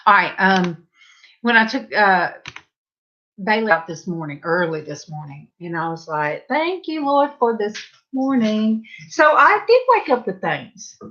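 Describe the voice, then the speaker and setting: A woman's voice: lowish voice, very animated, measured pace, pushed and bright, lo-fi sound. A middle-aged woman with a Southern US accent chatting casually to her viewers while she paints, rambling and chatty with asides. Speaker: painting livestream host.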